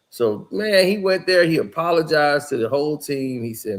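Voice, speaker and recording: A man's voice: on the high side, lively intonation, fairly quick, few pauses. Man retelling basketball locker-room gossip. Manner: slangy, emphatic, acts out quoted people. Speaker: basketball commentator channel host. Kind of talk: casual storytelling monologue.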